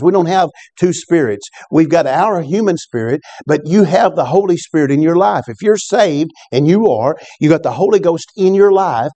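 A man preaching from the pulpit. His voice sits somewhat high for a man yet stays mellow and warm. He drops in asides that call on the congregation to answer. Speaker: pastor. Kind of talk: sermon.

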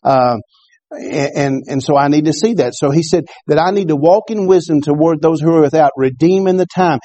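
A man's voice: fairly high pitch, moderate pace, dark tone, no echo. A male pastor preaching a sermon in church, often repeating words and asking the congregation "Amen?".

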